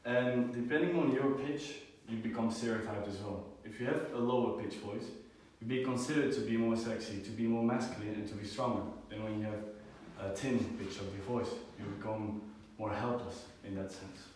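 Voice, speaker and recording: A man's voice: on the low side, darkish tone, a little hiss or hum. Young guy doing a class presentation, lots of ums, far off mic in a very echoey room. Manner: halting, with many fillers and restarts. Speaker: student presenter.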